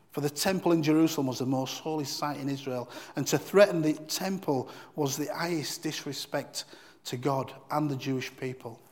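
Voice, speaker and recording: A man's voice: fairly high pitch, long reverb tail. A man giving a devotional Bible teaching in an earnest, emphatic way, often repeating key phrases.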